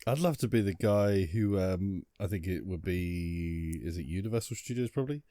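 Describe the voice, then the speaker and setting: A man's voice: sits low, moderate pace, dark tone, dry recording, studio quality. A man co-hosting a podcast in casual chat, joking and swearing casually.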